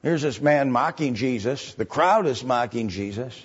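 A man preaching a sermon, explaining step by step in a halting way full of filler sounds. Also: mid-range voice, animated, slightly rough, lo-fi sound.

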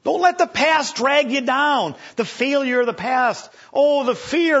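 A man preaching an animated sermon, acting out scripture voices and stammering for effect. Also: extremely high pitch, a little slow, hardly any pauses. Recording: dull lo-fi recording.

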